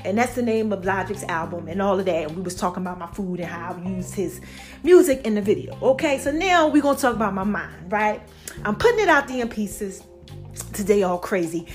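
Breathless woman vlogger, bright high pitch, lively direct-address chat over soft background music. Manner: chatty and animated, addresses viewers directly. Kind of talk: casual talk to camera.

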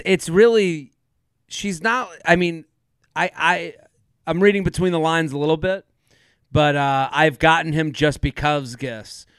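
A man's voice: a little high, fairly bright tone, clear, resonant tone, no echo, clean studio sound. A man co-hosting a podcast in casual chat. He laughs often and rambles through restarts as he thinks aloud. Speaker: podcast co-host.

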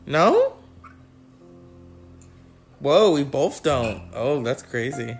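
A man's voice: mid-range voice, sing-song, extremely slow, gravelly, faint music behind. A man hosting a comedy show, teasing his co-host in brash, profane banter.

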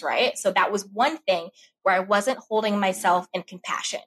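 A woman's voice: medium pitch, quick pace. A woman in casual podcast conversation, telling personal stories and acting out her inner voice. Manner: animated storytelling with acted-out inner voices.

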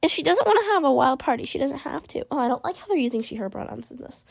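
A woman's voice: sits high, expressive, fast talker, vocal fry, no room sound, studio quality. A woman chatting animatedly and giggling as she plays a story game, reading its choices aloud. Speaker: gaming video creator.

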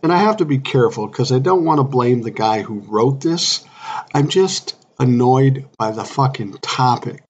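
Sixty-something guy ranting on his podcast, cussing a lot, kinda husky, dull lo-fi sound. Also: medium pitch, animated, normal speed, darkish tone. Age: 60s. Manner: blunt, profane, irritated. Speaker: podcast host. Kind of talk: solo podcast rant.

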